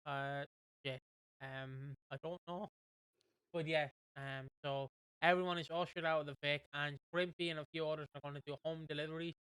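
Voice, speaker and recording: A man co-hosting a podcast, chatting in a quick, amused, sweary way while recapping a soap. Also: on the high side, steady tone, pushed and bright, clear, resonant tone, no echo, poor audio. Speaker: podcast co-host. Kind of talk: casual chat recapping a soap.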